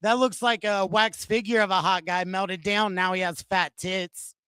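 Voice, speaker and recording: A man's voice: sits high, steady tone, normal speed, clear, resonant tone, no echo. A man doing a brash, insulting woman cashier. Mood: mocking. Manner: loud, mocking insults.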